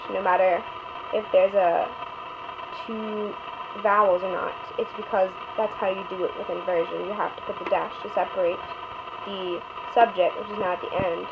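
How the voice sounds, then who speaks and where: Female tutor, explains patiently, slows for examples, self-correcting; home recording with clear background noise. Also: mid-range voice, lo-fi sound. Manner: explains step by step, slows down to spell out French phrases; corrects herself often. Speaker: French tutor. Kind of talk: homemade tutoring lesson.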